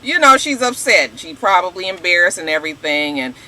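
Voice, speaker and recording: A woman vlogger recapping a reality show episode in a casual, animated, slangy way, talking straight to her viewers. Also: lowish voice, brisk, low-quality recording. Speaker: YouTube show reviewer.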